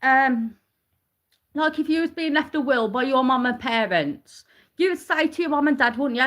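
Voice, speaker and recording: Woman, high voice, heated rambling rant, swearing, repeated questions. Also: expressive, normal speed, fairly bright tone. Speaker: vlogger. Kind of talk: ranting to camera.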